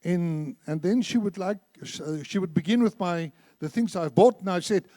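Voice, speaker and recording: A man in his seventies preaching a sermon in a church, an animated storyteller who acts out the dialogue. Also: high-pitched, moderate pace, no room sound, studio quality. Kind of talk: sermon with told anecdotes.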